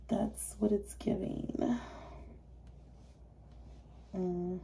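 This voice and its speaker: A woman giving a casual tarot reading in a blunt, animated way, swearing freely. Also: on the low side, moderate pace. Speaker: tarot reader.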